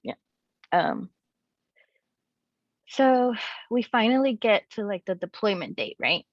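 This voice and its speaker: A young adult woman telling a personal story as a guest, in a candid and animated way with many casual fillers. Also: medium pitch, slow pace, no echo. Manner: animated, frequent "like" and "you know" fillers. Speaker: guest sharing her story. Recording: slightly muffled, dry recording.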